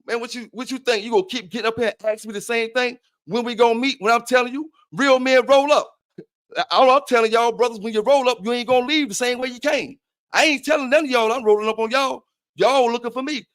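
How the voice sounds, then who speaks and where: A man's voice: very high voice, steady tone, fairly quick, fairly bright tone. A man hosting a livestream, taunting and cursing at a rival in heated trash talk. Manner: profane, taunting, challenging. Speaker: livestream host.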